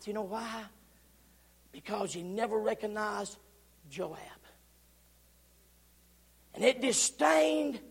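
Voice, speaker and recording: A man preaching a Sunday sermon, calling for amens and breaking into shouts as he retells the story. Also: very high-pitched, expressive, slow pace, gravelly, pauses often, husky, in a large hall. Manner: call-and-response, bursts into shouting. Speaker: pastor. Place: church.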